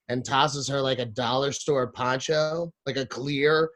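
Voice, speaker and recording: A man's voice: medium pitch, fairly even intonation, a little slow, fairly bright tone. A man, a podcast guest, telling a crude comic story with lots of swearing and acting out other people's lines.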